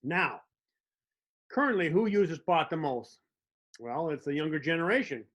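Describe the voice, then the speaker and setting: A man's voice: a little high, sing-song, a little slow, fairly bright tone. A man hosting a comedic monologue, telling wry stories with little mock dialogues. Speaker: host.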